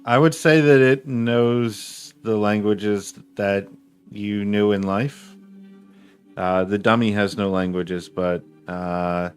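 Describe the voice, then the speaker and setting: Man, game master, low voice, smooth, calm rulings. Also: takes it slowly, faint music behind. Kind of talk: running a tabletop game.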